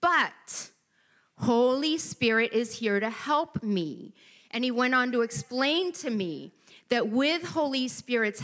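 A middle-aged woman giving a personal testimony at a church gathering, telling her story with animation and acting out the voices she quotes. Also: fairly high pitch.

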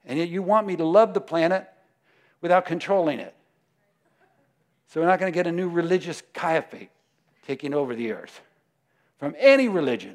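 A man preaching a sermon, emphatic, moving between loud declarations and hushed prayer. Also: a little high, animated, moderate pace, pauses often.

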